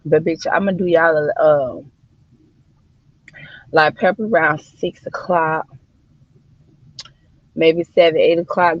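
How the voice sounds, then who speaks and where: A woman's voice: low-pitched, no room sound, dull audio. Chatty, cussing woman livestreaming to viewers. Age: adult mother of daughters. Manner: chatty, swearing, addressing viewers as y'all and child. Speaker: livestream host. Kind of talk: casual livestream chat.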